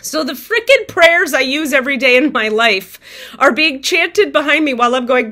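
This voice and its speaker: Animated, swearing spiritual storyteller woman. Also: high-pitched, normal speed. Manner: animated, swears freely, acts out her own shouting. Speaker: tarot reader and spiritual vlogger. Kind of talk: casual storytelling to viewers.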